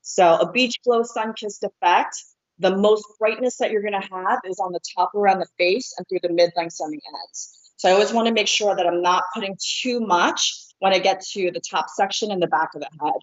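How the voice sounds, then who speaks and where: A woman, an American hair colorist, calmly walks through each step of painting hair during a live demonstration. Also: medium pitch, moderate pace. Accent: American, sometimes Northeastern. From born in Korea, raised in New Jersey. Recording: dull lo-fi livestream audio.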